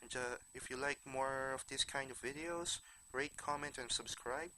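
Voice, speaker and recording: A man with a nasal voice casually talking through a card game deck for his channel, halting and restarting words often. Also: medium pitch, bright, forceful tone, a little hiss or hum, poor audio.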